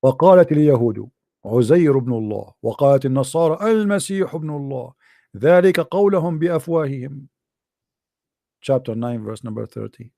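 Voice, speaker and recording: A man's voice: mid-range voice, expressive, rapid-fire, gravelly, mellow, dry recording, studio quality. A man giving a scornful, emphatic commentary monologue in non-native English phrasing, repeating phrases and laughing often. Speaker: online religious debater.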